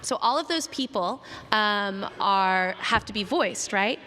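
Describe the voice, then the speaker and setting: A woman's voice: mid-range voice, expressive, a little slow, bright, forceful tone, a little hiss or hum. A woman voice actress answering fan questions at a convention panel in a chatty, giggly way. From Texas, USA. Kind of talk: casual panel Q&A. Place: large convention hall. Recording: reverberant convention hall.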